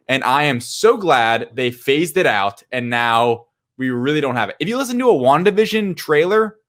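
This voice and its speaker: A man's voice: mid-range voice, a bit bright. A man co-hosting a movie podcast, talking in an opinionated, emphatic way. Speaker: podcast co-host. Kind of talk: casual movie chat.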